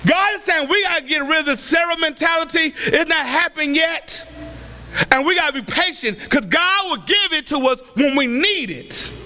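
Man, preacher, sermon, very high voice, questions and shouts, lower voice for quoted people. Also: long reverb tail.

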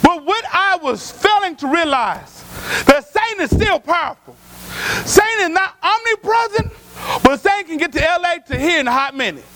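A pastor preaching a sermon, telling stories from his own life in a folksy, colloquial way, acting out what people said and rising to shouts. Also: very high voice, lively intonation, moderate pace, slight background noise. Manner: storytelling preacher, acts out quotes, rises to shouts.

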